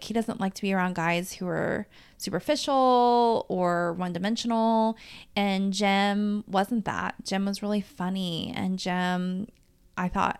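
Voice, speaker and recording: Candid, chatty woman with a smooth voice. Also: mid-range voice. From Dallas-Fort Worth, Texas. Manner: chatty, candid, swearing freely, quickening and slowing as she tells a story. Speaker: life coach and podcast host. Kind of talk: casual solo podcast monologue.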